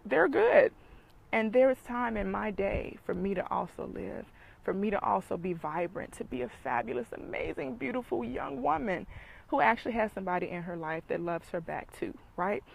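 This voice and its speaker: A woman's voice: mid-range voice, lively intonation, normal speed, vocal fry, slightly rough, low-quality recording. A middle-aged woman, giving an emphatic motivational talk as a dating coach and speaker, preaching and repeating points for emphasis.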